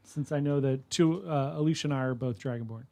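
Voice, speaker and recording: A man's voice: medium pitch, a little fast, creaky, dark tone. A man playing a tabletop game, cracking wry jokes. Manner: jokey, wry. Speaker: player.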